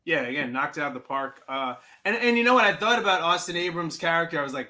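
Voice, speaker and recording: Man, co-host, bright forceful voice, pitched a bit high, animated storyteller. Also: fast, few pauses. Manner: animated, acts out scenes in voices. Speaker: podcast co-host. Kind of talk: casual movie review chat.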